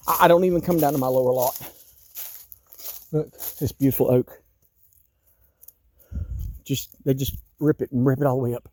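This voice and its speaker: A man's voice: mid-range voice, moderate pace, pauses often, a little mellow, no echo. A man in his fifties walking outdoors through his wooded yard, talking in an agitated, exasperated rant that repeats itself. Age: 50s. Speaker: vlogger. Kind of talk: walking-tour vlog rant.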